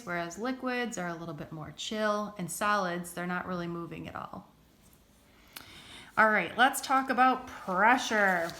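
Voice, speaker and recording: A woman's voice: mid-range voice, a bit bright. A woman teaching a recorded science lesson in a casual, chatty way, often checking in with the listener.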